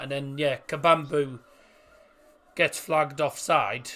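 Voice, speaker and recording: A man's voice: medium pitch, measured pace. A young man hosting a live football watchalong, reading chat and reacting to the match. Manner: excitable, rises to shouts at chances; fumbles over name pronunciations.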